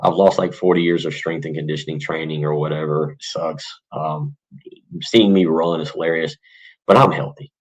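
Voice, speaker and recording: A man's voice: rumbling low, steady tone, normal speed, slightly rough, highs cut off. A man, hosting a casual morning podcast in an earnest, rambling way. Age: 40s. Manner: earnest, rambling, with many restarts and fillers. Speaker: podcast host.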